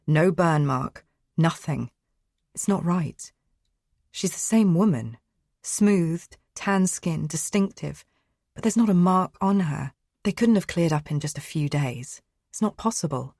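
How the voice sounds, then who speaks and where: A woman narrates a first-person thriller in a tense, hushed, inward way. Her voice sits low and is recorded close and dry in a studio. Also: dry recording. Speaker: audiobook narrator.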